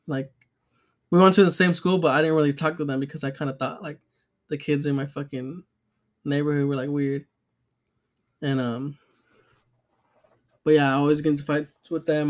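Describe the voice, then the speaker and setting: A young man with a voice a touch higher than most men chats casually as a podcast co-host. He tells stories loosely, swears a lot, and fills his talk with fillers and chuckles. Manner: loose, profane storytelling with frequent fillers and laughs. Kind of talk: casual chat.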